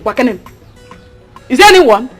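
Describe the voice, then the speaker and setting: A woman's voice: high voice, moderate pace, faint music behind. A doting Nigerian village mother. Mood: storytelling. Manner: animated, teasing, full of pride. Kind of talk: Nollywood film acting.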